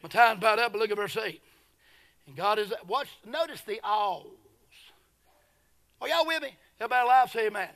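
A middle-aged man preaching a sermon, fervent, swinging from hushed storytelling to shouted praise. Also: high voice, brisk, long pauses. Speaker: pastor.

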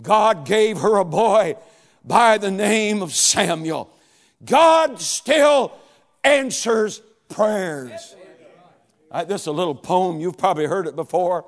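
A middle-aged man preaching a sermon, telling a story dramatically, dropping to a hush and then rising to a shout. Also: high voice, takes it slowly. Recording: long hall reverb.

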